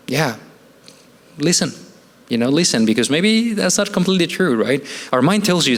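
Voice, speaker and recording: A man's voice: on the high side, very animated, moderate pace. Man lecturing in a reverberant hall. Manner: conversational, asks the audience rhetorical questions, often ends with "right?". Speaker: church family seminar speaker. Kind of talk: presentation talk with slides.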